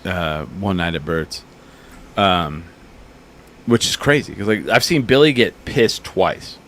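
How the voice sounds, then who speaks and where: A man in his thirties with a fairly low voice hosts a casual chat. He tells profane, animated stories and acts out the people in them. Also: slow pace, slight background noise. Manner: profane, animated storyteller acting out bar fights. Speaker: podcast host.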